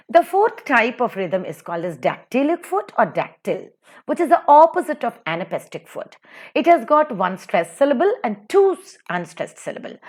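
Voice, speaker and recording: A woman teacher with an Indian English accent, lecturing over slides with a sing-song, stressed delivery and slow recitations of verse. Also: fairly high pitch.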